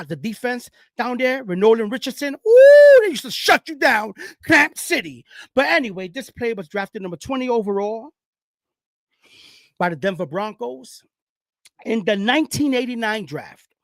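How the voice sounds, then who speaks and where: A man hosting a casual football talk show, his voice rising and falling animatedly as he lectures and hypes his audience. He lets out whoops of excitement. The sound is dry, with no room echo. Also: very high voice, normal speed. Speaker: sports show host. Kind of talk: casual sports talk monologue.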